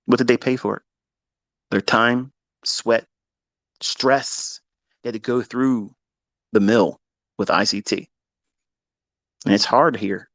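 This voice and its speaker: A man giving an unscripted motivational lecture as a trading mentor, blunt and profane, dropping to low mutters and then rising to loud, emphatic outbursts. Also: fairly even intonation, slow, long pauses, no echo.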